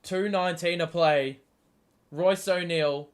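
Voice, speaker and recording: A man calling a basketball game live for his stream audience, and his voice sits a little higher than most men's. He talks straight at the players, swearing when a play annoys him and surging when a shot drops. His delivery is quick, rough-edged play-by-play mixed with fan ranting. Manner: excitable, swears often, talks back at the players. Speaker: host. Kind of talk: live sports watchalong commentary.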